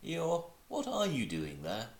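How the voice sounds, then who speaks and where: A man voicing a brisk, bossy male rabbit in a storybook reading, with a matter-of-fact manner. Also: sits low, animated. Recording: roomy echo.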